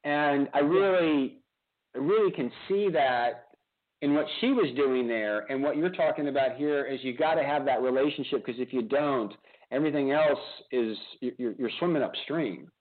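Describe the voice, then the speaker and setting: Man, radio host, casual interview, restarts often, mid pitch, tinny phone-like sound. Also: moderate pace. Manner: animated, many restarts and repeated words.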